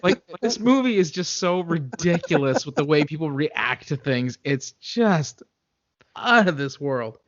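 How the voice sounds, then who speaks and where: A man co-hosting a casual film podcast, talking wryly with many pauses and fillers. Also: fairly high pitch, expressive. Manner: hesitant, many fillers, wry. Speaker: podcast co-host. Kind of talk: casual chat. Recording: dull lo-fi sound.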